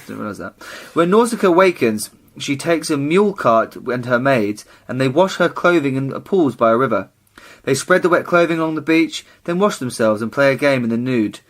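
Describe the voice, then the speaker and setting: A man co-hosting a casual podcast, reading a summary aloud with dry, teasing asides. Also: medium pitch. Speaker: podcast co-host.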